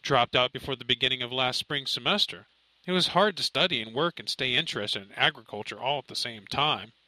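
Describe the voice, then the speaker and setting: A man's voice: medium pitch, a little fast, sharp tone, dry recording, rough recording. A man voicing a distraught, grieving young man who speaks in a shaky, pleading way, close to tears, in an audiobook. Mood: downcast. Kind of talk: audiobook character voice.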